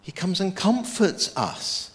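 A man preaching a sermon, lively and emphatic, quoting scripture as he goes. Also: high voice, slow pace. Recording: long hall reverb.

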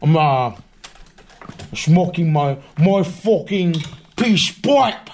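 A man's voice: on the high side, animated, very slow, a little mellow, pitched below the performer's own voice, exaggerated voice. A man voicing a crude, boastful British bloke in a put-on British accent, rowdy and tacking "mate" onto every line. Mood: brash. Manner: rowdy, keeps adding "mate" and "oi".

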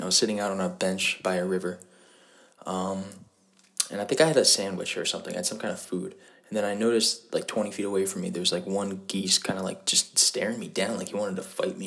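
A man's voice: on the low side, fairly bright tone. A young man hosting a rambling, profane comic monologue and laughing at his own jokes. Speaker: show host.

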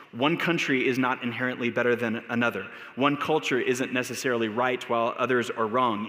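A man's voice: medium pitch, pushed and bright. An American man preaching a casual sermon as a pastor, talking in a loose, conversational, storytelling way. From United States. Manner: conversational, storytelling, filler words. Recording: echoey hall with long reverb.

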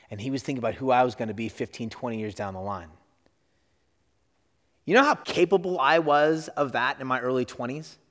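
A middle-aged man telling a story in a sermon at a church service, acting out the people he quotes. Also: on the high side. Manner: animated storyteller, acts out quotes. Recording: long reverb of a large hall.

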